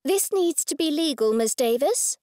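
Patient female vet, calm, steady, audiobook figure read by a woman. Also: high-pitched, moderate pace, dry recording, studio quality, voice pushed up.

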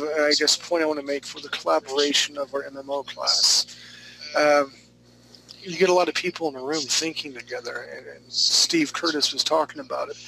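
A man's voice: on the high side, vocal fry. A man teaching a live drawing class online, critiquing student work with teasing banter. He sounds tired and yawns between remarks. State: tired, yawning. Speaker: drawing instructor. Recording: noisy live stream audio.

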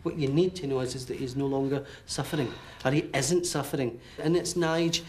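A man working as a medium, giving a reading to a sitter in halting, repeated phrases and checking in with "okay?". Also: mid-range voice, steady tone, slight background noise. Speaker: psychic medium.

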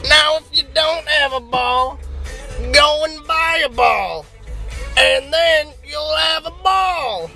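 A man doing Jethro, a slow folksy know-it-all. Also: very high-pitched, gravelly, bright, forceful tone, exaggerated voice, rough recording. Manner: slow, laid-back drawl with a know-it-all tone. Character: folksy, self-assured man named Jethro. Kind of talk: improvised comedy character. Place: inside a moving car.

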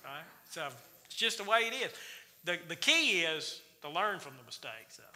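A man's voice: on the high side, sing-song, normal speed, bright, forceful tone. A man teaching a Wednesday night Bible study in a church, folksy and quizzing the congregation with questions. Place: church sanctuary. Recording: reverberant church hall.

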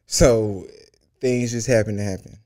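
Loud, profane young man. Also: lowish voice, a little slow, no room sound, studio quality. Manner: animated and profane, jumping from loud outbursts to hushed asides. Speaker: host. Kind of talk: comedic story time monologue.

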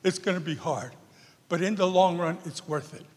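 High-voiced emotional man in echoey hall. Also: moderate pace. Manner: animated, emphatic, sings a song. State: emotional, nervous. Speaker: memorial speaker and acting teacher. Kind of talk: emotional memorial speech. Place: theater stage.

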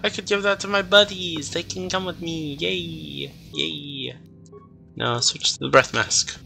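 A nineteen-year-old man narrating his gameplay in an unhurried, goofy way. His voice is bright and sits a little high, and faint music plays under it. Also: vocal fry. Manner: goofy, talks to himself, cheers and groans. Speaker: let's play gamer. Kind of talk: casual gameplay commentary.

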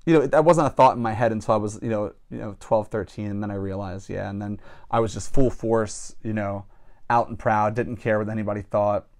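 A man's voice: fairly low pitch, fairly even intonation, fairly quick, a little mellow. A non-binary drag performer with a man's voice, speaking reflectively in a documentary interview, often saying "you know.". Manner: reflective, personal, many you-knows.

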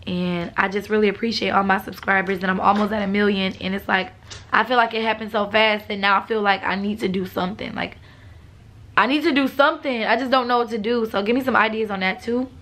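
A young woman vlogging casually to her viewers, relaxed and chatty, with a husky morning voice and a cough. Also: mid-range voice. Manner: relaxed, chatty, laughs often. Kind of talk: casual vlog talk to viewers.

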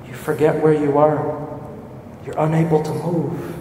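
A man leading a guided scripture meditation, speaking slowly and vividly and asking listeners to picture the scene. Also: fairly high pitch. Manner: slow, imaginative, rising excitement at the climax. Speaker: meditation leader. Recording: very echoey hall, voice from far off, faint hiss.

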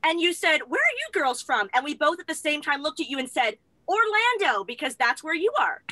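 American woman host, high and bright, excitable fan, dry close sound. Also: fairly quick, no room sound. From United States. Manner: gushing, flustered fan. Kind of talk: excited casual chat.

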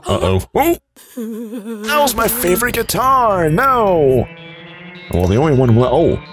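A man giving excitable gameplay commentary, reacting loudly and laughing often. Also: on the low side. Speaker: let's play gamer. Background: game music.

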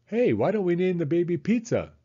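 Male narrator as a jokey dad, teasing and playful, mellow husky voice, dull lo-fi. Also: high-pitched, very animated, brisk, voice pushed up, heavily acted. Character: joking, playful father.

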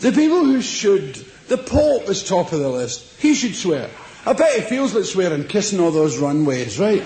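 With a high voice, big pitch swings, a moderate pace and a darkish tone, a middle-aged Scottish man performs stand-up live in a large theatre. Boisterous and swearing freely, he acts out little scenes. The echoey live recording carries the crowd and its laughter.

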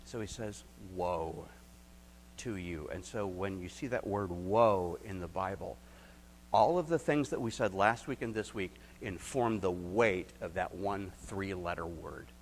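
A man preaching a sermon as pastor, moving between emphatic rising points and quiet, reflective stretches, closing in prayer. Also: low voice, measured pace, a little hiss or hum, poor audio.

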